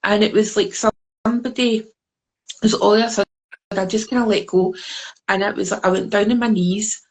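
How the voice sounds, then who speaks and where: A woman's voice: mid-range voice, vocal fry, rough recording. A Scottish woman being interviewed over a video call, telling a story in a rambling way with many fillers and restarts. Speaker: guest, deck creator.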